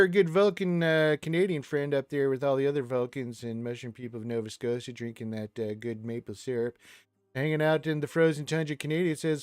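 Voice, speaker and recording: A man's voice: mid-range voice, moderate pace, smooth, no room sound, studio quality, soft background music. A man hosting a casual gaming livestream, reading viewer messages aloud with playful asides and the odd pirate voice. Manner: drops into a growly pirate voice. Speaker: livestream host.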